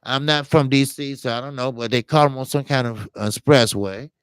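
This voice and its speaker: A man's voice: mid-range voice, steady tone, normal speed, smooth, no echo. A man hosting a boxing talk show, telling rambling stories full of profanity and scolding fighters. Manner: emphatic, scolding rants. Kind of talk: casual commentary monologue.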